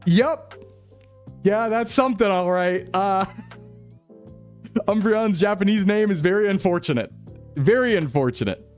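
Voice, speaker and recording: A man's voice: high-pitched, expressive, a little slow, long pauses, soft background music. A man streaming, chatting casually with his viewers and laughing often. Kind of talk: casual chat reading chat.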